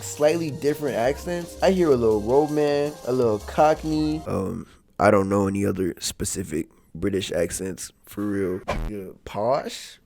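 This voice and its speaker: Slangy joking young man reviewing a movie. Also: fairly high pitch. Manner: slangy, joking, swings from loud to mumbling asides. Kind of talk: casual movie review commentary.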